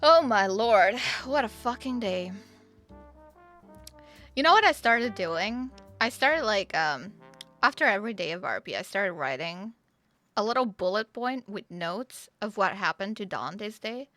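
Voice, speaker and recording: A woman streamer chatting casually between roleplay scenes, frank and unhurried, swearing freely. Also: medium pitch, animated, a bit bright, soft background music.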